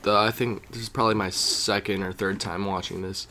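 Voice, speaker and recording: A man co-hosting a casual podcast chat, dry and quick to correct the others. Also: fairly low pitch, steady tone, sharp tone. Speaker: podcast co-host.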